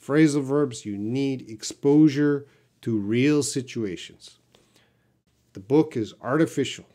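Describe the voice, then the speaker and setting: A man's voice: mid-range voice, takes it slowly, warm tone. A man from Canada, an English teacher, reading out viewer questions on a live stream and answering them in a plain, direct, sometimes blunt way.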